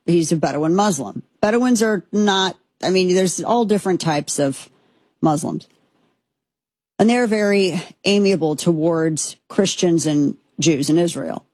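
A woman's voice: on the low side, measured pace, a little mellow, husky, no echo. A woman hosting a political commentary show, speaking in an emphatic, impassioned way that rambles with restarts. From United States.

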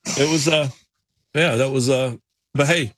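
A man with a Southern US accent from North Carolina, co-hosting a casual sports talk show and telling rambling, animated stories. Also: medium pitch, unhurried. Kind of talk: casual radio show banter.

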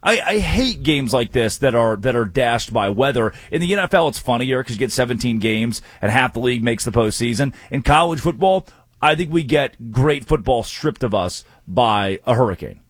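A man hosting a sports talk show, making college football picks with quick wisecracking asides. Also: medium pitch, expressive, slightly rough, no echo. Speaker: sports radio host.

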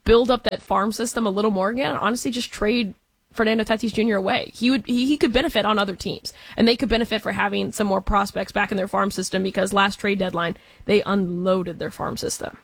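A young woman co-hosting a sports talk show, giving quick, opinionated takes with easy laughs. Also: medium pitch, steady tone, gravelly, no room sound.

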